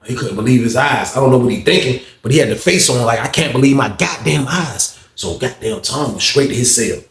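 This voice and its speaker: A man tells a story in casual conversation, speaking fast in a reverberant space. He's animated, swears heavily, and acts out other people's lines in a raised pitch.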